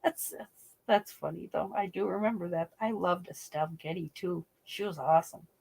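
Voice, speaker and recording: A woman's voice: fairly low pitch, moderate pace, creaky, darkish tone, breathy edge. A middle-aged woman chatting casually to her livestream viewers, laughing often and acting out the voices of people she quotes. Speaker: livestream host. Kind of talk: casual chat.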